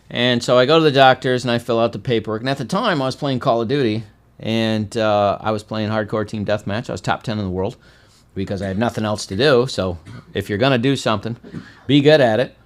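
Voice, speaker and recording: Wry, deadpan male storyteller. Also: mid-range voice, a little fast. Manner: swings from loud, animated telling to quiet, heavy tones. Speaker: veteran sharing his life story. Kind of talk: personal spoken testimony.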